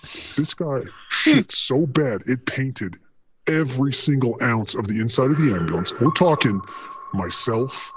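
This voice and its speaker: A man's voice: mid-range voice, measured pace, a little hiss or hum. Profane storytelling man on lo-fi line. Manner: profane, animated retelling with acted quotes. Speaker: paramedic telling a story. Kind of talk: casual storytelling.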